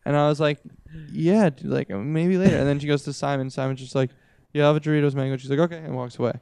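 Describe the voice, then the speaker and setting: A young man co-hosting a casual podcast, rambling through stories and doing the other people's lines himself. His voice is smooth and carries a gravelly fry. The sound is dry and close to the mic. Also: a little high, fairly even intonation, quick pace, a little mellow, no room sound. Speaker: podcast co-host. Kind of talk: casual chat.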